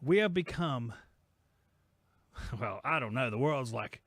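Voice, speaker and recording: A man's voice: medium pitch, animated, a little slow, long pauses, a bit bright, husky, no room sound. A man hosting a casual livestream podcast, jokey and rambling with self-mocking asides. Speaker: podcast host.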